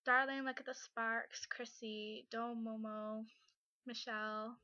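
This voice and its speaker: A woman's voice: on the high side, level tone, slow pace, sharp tone, no echo, lo-fi sound. A young Canadian woman from British Columbia doing a casual accent challenge on a home webcam, reading word lists and a book passage. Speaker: vlogger.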